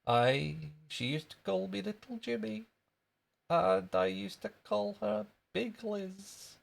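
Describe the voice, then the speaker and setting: A man voicing a cranky, wrinkly little Scottish man who claims to be a boy, in a high put-on voice with a Scottish accent, telling tall tales. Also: slow, gravelly, exaggerated voice. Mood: wistful. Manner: boastful, rambling tall tales. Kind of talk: improvised street comedy bit.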